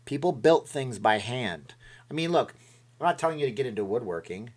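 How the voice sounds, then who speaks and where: A man's voice: mid-range voice, animated, brisk, darkish tone. A middle-aged man hosting a casual livestream from home, giving rambling motivational talk and reading viewer messages. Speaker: livestream host.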